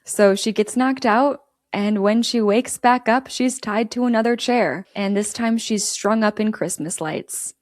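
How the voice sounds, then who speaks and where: A woman's voice: on the high side, unhurried, hardly any pauses, no room sound, clean studio sound. A woman hosting a podcast, casually recapping a film plot, chatty and giggly as she quotes the characters.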